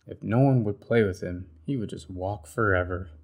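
A man reading a children's picture book aloud with expressive storybook delivery. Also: on the low side, moderate pace.

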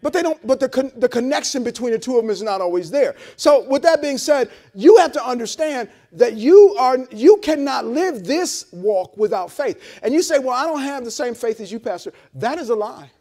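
A man's voice: very high-pitched, lively intonation, normal speed, hardly any pauses, mellow. A male pastor preaching a sermon in a loose, conversational way, repeating words, trading amens with the congregation and making blunt, joking asides. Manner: conversational preaching with frequent repeats and call-and-response. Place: church service held in a hotel venue.

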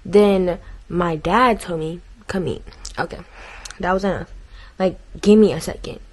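A teenage girl's lowish voice comes through a rough camera-mic recording as she vlogs at home in her bedroom and bathroom. She talks a little slowly, rambling casually with plenty of fillers and venting in frustration.

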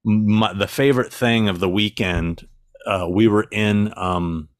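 A man's voice: on the low side, steady tone, unhurried, no echo. A man with a dry, sarcastic sense of humor, telling stories as a guest in a casual podcast interview.

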